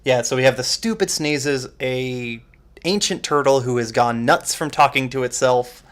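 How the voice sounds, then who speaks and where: A man co-hosting a podcast, chatting casually about an old film with animated, excited bursts and frequent laughs. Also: mid-range voice, normal speed. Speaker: podcast co-host. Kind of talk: casual movie discussion.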